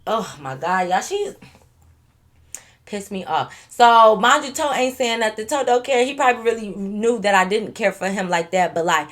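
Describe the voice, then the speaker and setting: A young woman tells a storytime tale in a blunt, animated vlog style, swearing freely. Her voice sits in a middle range. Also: mid-range voice, normal speed. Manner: blunt, profane, animated retelling. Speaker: vlogger.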